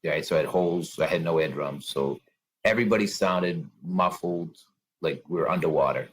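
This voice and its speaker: In a husky, low voice at a moderate pace, a man who survived a bombing gives a personal account as an interview guest. He tells it simply, like an ordinary conversation.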